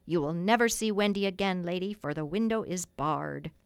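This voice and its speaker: A woman voicing a boastful, proud boy who can fly, lower than her own voice and sneering. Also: moderate pace, dry recording, lightly acted. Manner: cocky, sneering.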